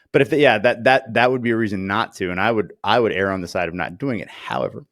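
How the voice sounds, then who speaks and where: Animated, profane man telling stories. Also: lowish voice, no room sound, clean studio sound. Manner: animated storyteller, acts out quoted voices; profane, lots of fillers. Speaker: podcast co-host. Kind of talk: casual chat.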